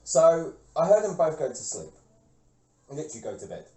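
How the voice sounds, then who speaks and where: A man telling a rambling, sweary story on a podcast, with a lively voice that swoops up and down and a mellow, dark tone. He sounds a little away from the mic, in an echoey room. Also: a little high, normal speed, distant mic. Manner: swears often, laughs through his stories. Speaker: podcast co-host. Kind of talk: casual chat.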